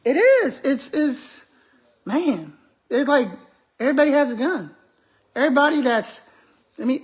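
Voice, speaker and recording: A middle-aged retired school principal, a woman, chatting casually to her viewers and acting out the quotes in the stories she tells. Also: sits high. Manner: animated, laughing storyteller acting out quotes. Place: home kitchen.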